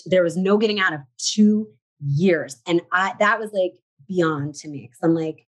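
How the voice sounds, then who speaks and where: A woman in her forties from the United States, a shop owner appearing as a podcast guest, speaks in a lowish voice at a moderate pace. She candidly tells her story, acting out her past thoughts as quotes, over a rough recording.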